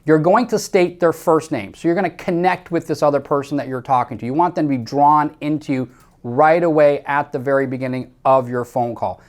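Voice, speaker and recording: A man's voice: fairly high pitch, steady tone, brisk. Emphatic male sales coach giving instructions. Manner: emphatic, repetitive, direct instructions to the listener. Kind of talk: sales training talk to camera.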